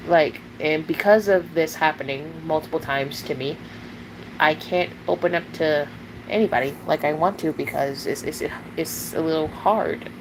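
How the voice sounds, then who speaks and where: A woman's voice: sits low, normal speed, noisy background. A young woman on a live stream, venting while upset and angry, cursing hard and leaning on "like" as she talks. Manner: profane, confrontational, fillers of "like".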